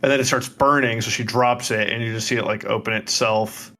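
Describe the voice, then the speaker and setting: A man's voice: medium pitch, fairly even intonation, fairly quick, sharp tone. A man co-hosting a podcast, chiming in on a movie recap in a laid-back, profane way. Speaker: podcast co-host. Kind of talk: casual movie recap chat.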